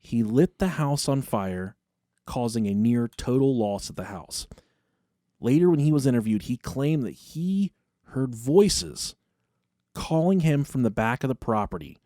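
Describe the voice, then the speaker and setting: A podcast host tells a spooky story with comedy, loose and full of swearing. His voice sits at a typical male pitch. The sound is close and dry. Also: mellow, no echo. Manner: profane and casual.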